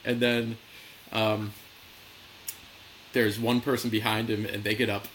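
Male podcast co-host, bright forceful tone, casual and giggly, with faint noise behind. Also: fairly low pitch, unhurried, rough recording. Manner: laughing, relaxed retelling. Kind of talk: casual chat.

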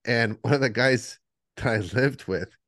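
A man chatting on a podcast, telling animated stories and acting out what people said. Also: mid-range voice, measured pace, no echo, clean studio sound. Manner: animated storyteller, acts out the voices in his stories. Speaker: podcast co-host. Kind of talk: casual podcast chat.

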